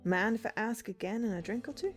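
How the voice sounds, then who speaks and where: A woman voicing a big, scary-looking but gentle old man, talking courteously in a put-on American accent. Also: fairly high pitch, fast talker, soft background music, lightly acted.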